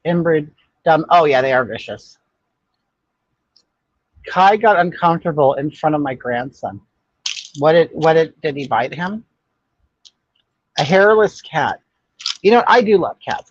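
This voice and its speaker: Sassy older man with a husky voice. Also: a little high, expressive, unhurried, long pauses, dry recording. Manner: sassy, gossipy, blunt, with frequent restarts. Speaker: livestream host. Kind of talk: casual chat reading viewer comments. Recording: dull, muffled dry audio.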